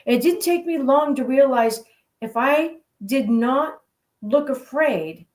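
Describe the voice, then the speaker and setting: A woman hosting a radio talk show who tells stories in a lively, playful way to encourage her listeners. Her voice sits fairly high. The recording rings with a roomy echo. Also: takes it slowly. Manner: animated, playful storyteller. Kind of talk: motivational storytelling talk.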